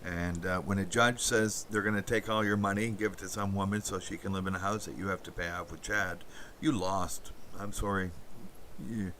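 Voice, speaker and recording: A man hosts a casual livestream, reading and answering chat messages aloud. His voice is bright and forceful, and his speech wanders with many halting restarts. There is a faint hiss of noise behind him. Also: low voice, fairly even intonation. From Canada.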